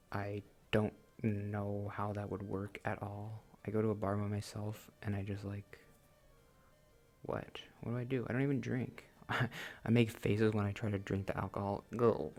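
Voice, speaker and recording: On a gaming channel, a man in his late twenties rambles through casual let's-play chat, poking fun at himself and often laughing at his own expense. His voice is on the low side and a little mellow.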